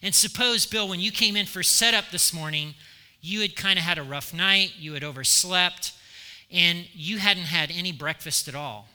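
A man gives a sermon in a church, his high, very bright voice carrying lively stories and repeated, emphatic points. A long reverb from the hall trails behind every phrase. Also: moderate pace, smooth. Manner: animated storytelling with emphatic repetition. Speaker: pastor.

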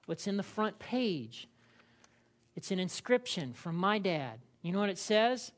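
A man's voice: high voice, expressive, normal speed. A male pastor preaching in a conversational, humorous way, often checking in with the congregation. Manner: conversational and humorous, with frequent "all right?" check-ins. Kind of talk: sermon.

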